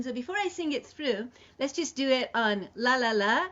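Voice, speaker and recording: A woman's voice: a little high, lively intonation, moderate pace, hardly any pauses, a bit bright. A woman leading an online singing lesson, explaining a ballad in a chatty way and then singing the refrain syllables. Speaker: song leader. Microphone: computer mic on video call. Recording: dull lo-fi video call audio.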